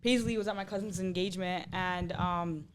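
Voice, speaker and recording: A woman's voice: fairly low pitch, fairly even intonation, moderate pace, slight background noise. A young woman from Canada, a podcast co-host chatting casually with a giggly, amused manner.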